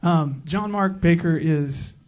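A man at a church pulpit gives a loose, joking introduction, stumbling through fillers and restarts. His voice sits a little high for a man but has a soft, mellow tone. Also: takes it slowly. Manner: joking, rambling, with many fillers. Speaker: church pastor introducing a guest speaker. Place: church sanctuary.

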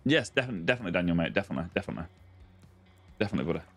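A man's voice: low voice, big pitch swings, racing, fairly bright tone, soft background music. A young man on a live game stream, chatting casually and greeting viewers by name as mate and buddy.

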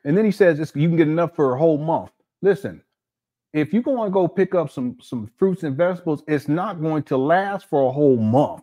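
A man hosting an offhand commentary, joking and teasing as he talks over a meal. His voice sits a little high for a man, loose and chatty. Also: lively intonation, fairly quick, warm tone. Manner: joking, laughing, mocking asides; talks while eating. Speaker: commentary channel host. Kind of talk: casual reaction commentary.

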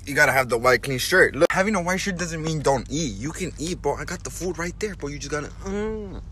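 Brash slangy fast-talking man. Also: fairly high pitch, animated, a bit bright, a little hiss or hum. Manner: brash slangy street talk. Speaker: comedy sketch performer. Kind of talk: comedic instructional skit.

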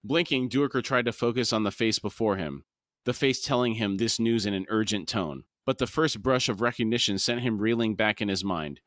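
A man co-hosting a book podcast, reading passages aloud in measured narration and adding explanatory asides. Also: fairly low pitch, fairly bright tone, dry recording, studio quality. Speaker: podcast co-host. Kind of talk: reading aloud and discussing a fantasy novel.

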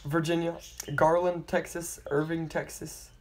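A channel host slowly reading out a long list of place names, stumbling on hard ones, retrying them and apologizing for mispronouncing. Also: medium pitch, level tone. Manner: apologetic about pronunciation.

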